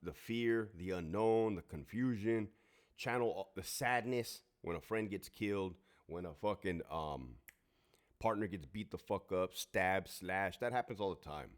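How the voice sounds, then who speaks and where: A man's voice: low voice, a little slow. A man in his forties, a former prison guard and veteran, telling his story in a blunt, heavily profane, emphatic way. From Southern California. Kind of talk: casual storytelling monologue.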